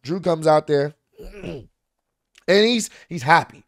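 A man's voice: a little high, slow pace, no echo. Slangy man recapping wrestling, dry sound. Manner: animated, slangy retelling with acted-out quotes. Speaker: wrestling recap channel host.

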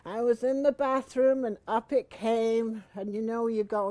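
An older woman in her seventies, slow and unhurried as she spins a funny household tale for a local comedy show. Her voice sits a bit high, and the sound is close and dry with no room echo. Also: steady tone. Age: 70s. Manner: slow, chatty, rising to shouted retellings. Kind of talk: comic storytelling to camera.

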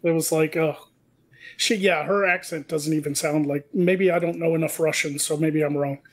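A man on a casual panel chat with a somewhat high voice. He chimes in often with short agreements and the occasional longer complaint. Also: fairly even intonation, normal speed, crowd noise. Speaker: panel guest.

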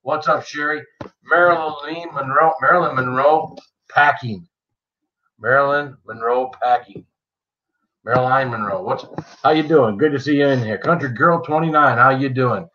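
A man's voice: mid-range voice, moderate pace, highs cut off. A man hosting a casual livestream, greeting viewers by name in a chatty, joking way. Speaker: livestream host. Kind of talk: casual live-chat greetings.

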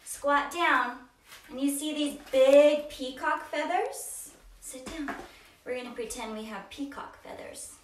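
A woman leads little kids through a storybook and yoga moves, drawing out her words in a slow, coaxing sing-song. Her voice sits a bit high for a woman. It is picked up from a distance in a roomy, echoey space. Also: slight background noise. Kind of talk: children's storytime read-aloud with movement.

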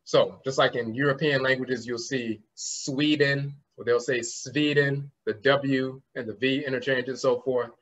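A man's voice: medium pitch, fairly even intonation, normal speed, hardly any pauses, a bit bright. A man giving a conference lecture, explaining word roots and spelling terms out letter by letter, often trailing off with "and so forth". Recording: slightly muffled lo-fi recording.

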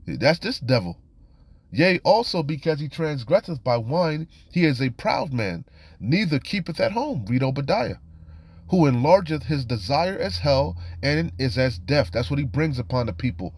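A man's voice: a little high, sing-song, normal speed, breathy edge, dry recording. A man teaching from scripture in a casual, admonishing way, often repeating "you know" and "man". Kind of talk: informal scripture study and warning.

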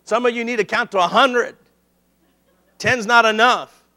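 A man's voice: extremely high pitch, unhurried. A middle-aged man preaching a sermon, telling stories and acting out the voices of the people in them. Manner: animated storytelling, acts out quoted voices. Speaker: pastor.

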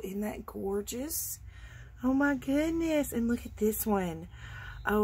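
Breathy lady gushing over craft stuff on her vlog, middle pitch, goes all hushed and whispery sometimes. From Georgia, US. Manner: gushing and enthusiastic, drops to near-whispers when admiring. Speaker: craft channel host. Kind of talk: casual show-and-tell vlog.

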